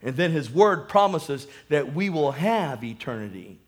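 A male pastor preaching a sermon, animated, calling for amen and swinging between loud and hushed. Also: fairly high pitch, measured pace, breathy edge.

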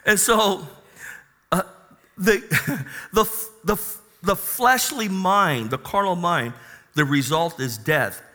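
A male pastor preaching a sermon who swings from quiet storytelling to loud, joyful exclamations. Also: high voice, expressive, slow, big-room sound.

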